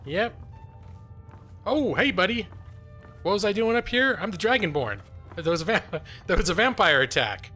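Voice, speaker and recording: A man chatting through a live game stream, constantly joking at his own expense and breaking into laughter. His voice is bright and forceful and sits a bit high. Faint game music plays behind him. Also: very animated, normal speed, long pauses. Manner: jokey, giggly, self-mocking. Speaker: gaming streamer and lawyer. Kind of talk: casual live-stream commentary.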